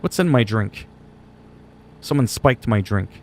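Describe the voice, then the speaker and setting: A male game streamer with a fairly low voice talks casually through his live gameplay. He answers his chat with wry, offhand remarks and mild curses. A faint hum sits under his voice. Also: lively intonation, measured pace, a little mellow.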